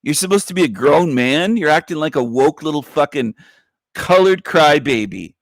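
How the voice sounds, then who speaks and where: A man's voice: expressive, normal speed, no room sound. Combative, mocking man host, dry sound. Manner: sarcastic, with falsetto whining impressions. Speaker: livestream show host. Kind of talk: ranting livestream talk.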